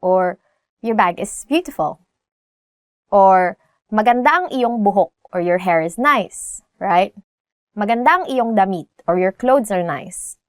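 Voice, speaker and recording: A woman's voice: medium pitch, lively intonation, unhurried, no echo, studio quality. A young woman with a Filipino accent teaching a casual language lesson, chatty and laughing often as she asks "right?".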